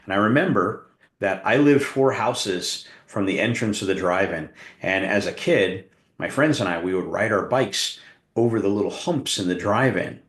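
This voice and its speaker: A middle-aged man from Arizona giving a workshop talk, telling a story with animated, acted-out scenes. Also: fairly low pitch, normal speed. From Tucson, Arizona. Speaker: workshop presenter, hypnotist coach. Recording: roomy echo.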